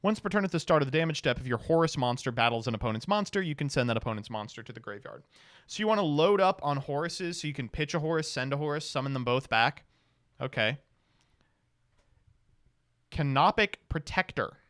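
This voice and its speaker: A man's voice: fairly high pitch, expressive, a little fast, fairly bright tone, no echo. Male streamer, card review, reads rules text, mutters profanity, dry close sound. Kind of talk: casual card review commentary.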